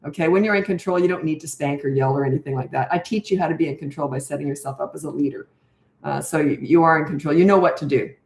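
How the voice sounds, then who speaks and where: A woman's voice: sits low, fast, gravelly, echoey room. An older woman, a parenting coach, answering viewer questions live in a blunt, firm manner, acting out what to say to a child. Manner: blunt, firm, demonstrates calm tone.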